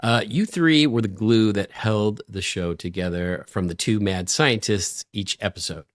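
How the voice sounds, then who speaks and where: A middle-aged man co-hosting a podcast, telling stories in an animated way and laughing often. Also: on the low side, measured pace, dry recording, clean studio sound. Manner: animated storyteller, laughs a lot. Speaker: podcast co-host. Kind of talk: casual podcast chat.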